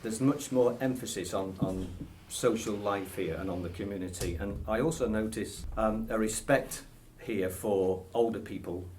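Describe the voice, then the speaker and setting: A man's voice: fairly low pitch, normal speed, few pauses, darkish tone, a little hiss or hum. A British man in his sixties with a British accent, answering interview questions in a hesitant, chuckling way full of ums. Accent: British English. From Britain. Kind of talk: casual interview.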